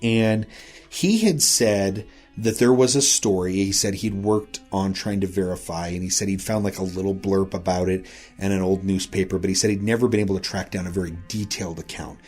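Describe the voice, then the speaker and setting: A man with a fairly low voice recounts an eerie local tale in a loose, conversational way. He rambles and keeps circling back with "he said" and "you know" as he pieces the story together. Soft music sits faintly underneath. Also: brisk. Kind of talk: casual spoken storytelling.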